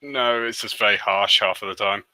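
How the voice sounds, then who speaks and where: A man from the UK with a low, sharply bright voice, chatting on a podcast. He keeps his remarks brief and dry, and the sound is close with no room echo. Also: moderate pace. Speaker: podcast co-host. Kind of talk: casual podcast chat.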